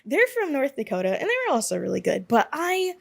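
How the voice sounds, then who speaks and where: A young woman from Alabama hosts her own podcast alone, speaking in a slightly higher register. Her talk rambles casually, doubling back to fix her own words as she chats. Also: huge pitch swings, fairly quick, vocal fry. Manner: rambling, chatty, self-correcting. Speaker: podcast host. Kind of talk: casual solo podcast monologue.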